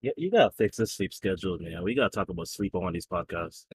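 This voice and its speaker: A man's voice: low-pitched, fast, slight background noise. A man co-hosting a casual podcast, opening the show and chatting loosely with his co-host. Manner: relaxed, affirming with frequent short replies.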